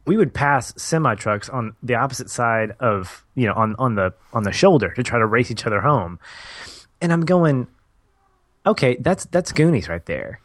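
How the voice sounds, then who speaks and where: A man's voice: mid-range voice, animated, moderate pace, a bit bright, dry recording. A man co-hosting a podcast, enthusiastically recounting favorite movie scenes and teenage memories, laughing mid-sentence. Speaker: podcast co-host. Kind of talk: casual movie discussion.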